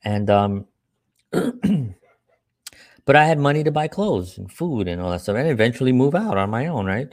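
A man's voice: on the low side, a little mellow, no room sound, clean studio sound. A man who works with a church, telling earnest, rambling personal stories with many rhetorical questions. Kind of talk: personal storytelling talk.

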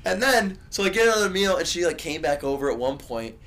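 Young male podcast co-host, slightly high voice, very lively pitch, swears freely, tells rambling stories. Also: quick pace. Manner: profane rambling storytelling, loud bursts. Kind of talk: casual chat.

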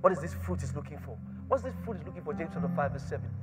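A man preaching a sermon in church, repeating phrases and swinging from hushed tones to shouts. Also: a little high, lively intonation, very fast, over music.

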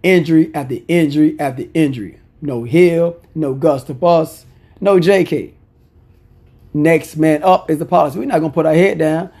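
A man's voice: fairly high pitch, moderate pace, warm tone, husky. A man talking through his weekly football betting picks in a casual, opinionated way, repeating phrases for emphasis. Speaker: sports picks commentator.

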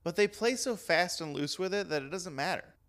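A man's voice: sits high, animated, brisk, fairly bright tone. Rambling, laughing male podcast host. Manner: rambling, laughs often, trails off. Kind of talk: casual chat about wrestling.

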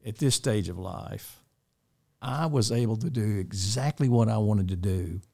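An older man speaks in a dark, mellow, slightly low voice. He rambles easily, circling back and restarting his sentences, with a good-natured warmth in how he talks. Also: measured pace, gravelly. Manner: rambling, warm-hearted, with many restarts and chuckles. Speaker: school dean interviewed by students. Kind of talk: casual interview chat.

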